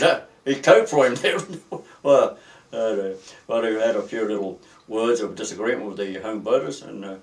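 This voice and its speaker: An older Australian man recalls his working life in a halting, rambling way, often restarting his sentences. His voice sits a little away from the mic. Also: lowish voice, far from the mic. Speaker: retired merchant seaman. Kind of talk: oral history interview.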